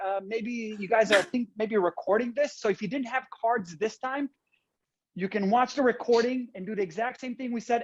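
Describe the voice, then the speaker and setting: A man's voice: high voice, slight background noise. Playful Israeli-accented man doing magic. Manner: playful, chatty, coaxing the audience. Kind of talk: interactive magic show over video call. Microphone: video call. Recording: dull lo-fi call audio.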